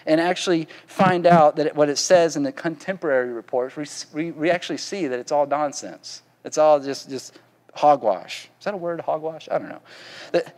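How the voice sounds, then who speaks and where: A man's voice: on the high side, moderate pace, darkish tone, in a large hall. A man with a Southern accent preaching a sermon in a folksy, conversational way, often asking the congregation questions. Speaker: pastor.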